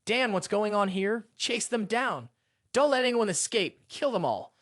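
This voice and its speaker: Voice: medium pitch, animated, unhurried, a bit bright, no echo, studio quality. A narrator voicing a ruthless male gang leader who barks orders. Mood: furious.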